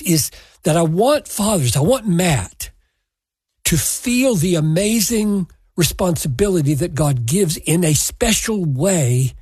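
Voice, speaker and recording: Brief: male Bible teacher, slow, deliberate, husky, dry close mic. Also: fairly high pitch, lively intonation, a little mellow, no echo. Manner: measured, emphatic, deliberate.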